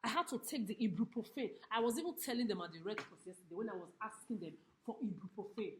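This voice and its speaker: Woman, angry vlog rant, accusatory and repetitive, heavy cursing, mid-pitched voice, recorded seated indoors at a shelter. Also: fast, a little hiss or hum. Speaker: vlogger. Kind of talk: angry direct-to-camera rant. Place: homeless shelter, seated on a chair.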